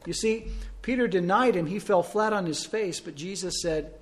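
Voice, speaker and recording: A middle-aged man preaches as pastor, earnest throughout, sinking to soft, low tones and then rising to loud emphasis. His voice sits somewhat high for a man. He moves from sermon into a closing prayer in the same steady, pleading way. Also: normal speed, few pauses.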